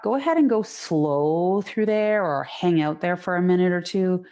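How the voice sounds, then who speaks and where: A woman yoga instructor talks a class through gentle stretches in a low, mellow voice. Her tone is calm and unhurried, with a slightly gravelly edge. She sounds like she is leading an online session from home. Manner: calm, slow and soothing cues.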